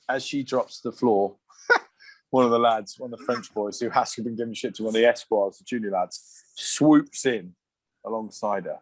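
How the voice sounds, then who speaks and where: A man's voice: mid-range voice, dry recording. A man and former rugby player, a podcast guest telling casual stories, swearing freely and laughing as he goes. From England. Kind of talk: casual anecdotal storytelling.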